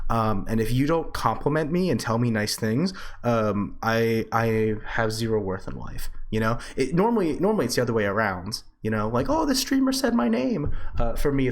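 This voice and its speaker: A young man coaching and reviewing gameplay in casual live-stream commentary, blunt and profane, often breaking into high laughter.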